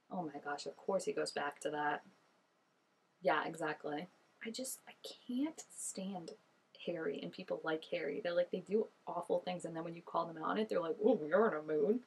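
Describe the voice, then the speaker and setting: Chatty husky-voiced young woman. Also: sits low, a little fast. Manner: chatty and gushing, many "like" fillers, laughs often. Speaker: reaction video host. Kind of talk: casual reaction commentary.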